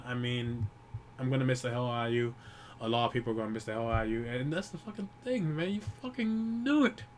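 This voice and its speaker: A man grieving while talking alone to the camera, rambling and swearing often, with many restarts and pauses. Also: mid-range voice, slight background noise. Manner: profane, rambling, frequent restarts. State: grieving, holding back tears. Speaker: YouTuber. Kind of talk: personal vlog monologue.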